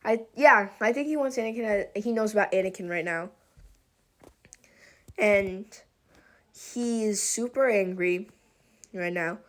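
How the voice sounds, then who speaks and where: Woman storyteller, casual and rambling, mid-pitched, retelling a fan what-if tale in her own voice. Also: measured pace, long pauses. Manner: chatty and rambling, with fillers and restarts. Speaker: YouTube storyteller.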